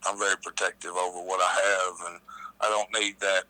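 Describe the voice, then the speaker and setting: A man who is a guest on a podcast, speaking in halting casual chat, repeating words and saying you know often. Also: deep voice, flat delivery, pushed and bright, no room sound, poor audio.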